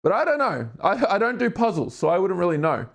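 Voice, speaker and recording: A man in his twenties with an Australian accent live-streams himself doing a jigsaw puzzle, rambling, joking at his own expense and swearing casually. His voice is high-pitched and sing-song, fairly quick, with vocal fry.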